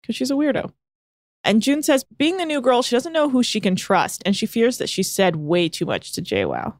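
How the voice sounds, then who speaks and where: A woman talks through a reality show recap in a loose, sarcastic podcast chat. She leans on filler words and quick asides. The sound is dry and close. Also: on the high side, sing-song, no room sound. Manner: chatty, sarcastic, lots of "like". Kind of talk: casual chat.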